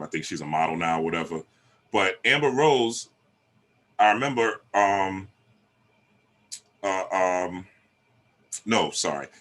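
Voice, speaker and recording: A man giving a casual, animated monologue on relationships, checking in with "right?". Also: sits low. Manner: animated, streetwise, lots of rhetorical "right?". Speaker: relationship talk host.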